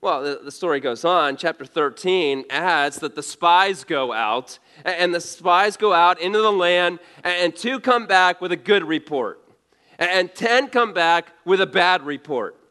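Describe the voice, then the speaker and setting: A man's voice: high voice, expressive, a little slow, sharp tone, clean tone. A male pastor preaching a sermon in a conversational way, asking rhetorical questions and often restarting his words.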